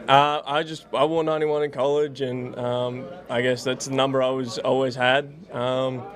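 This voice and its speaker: A young man from Australia with an Australian accent, a football punter being interviewed, who talks haltingly with many fillers. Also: mid-range voice, level tone. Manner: halting, lots of fillers and restarts.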